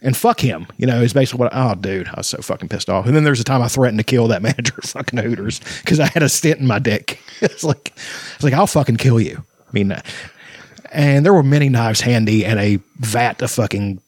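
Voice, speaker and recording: A man's voice: medium pitch, a little fast, no echo, clean studio sound. A man in casual chat who swears freely, tells rambling stories and laughs often.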